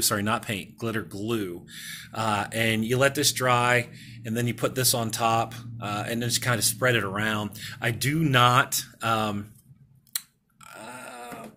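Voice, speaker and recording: Guy chatting about his hobby, bright tone, lots of uh and um, corrects himself a bunch. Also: medium pitch, slight background noise. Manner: rambling, many fillers and self-corrections. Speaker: toy customizer. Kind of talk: casual hobby vlog.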